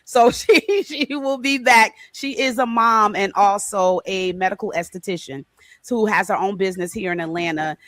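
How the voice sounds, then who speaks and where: A woman hosting a podcast as author and coach, upbeat and animated, calling out greetings to her guests over a video call. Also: mid-range voice, normal speed, dry recording.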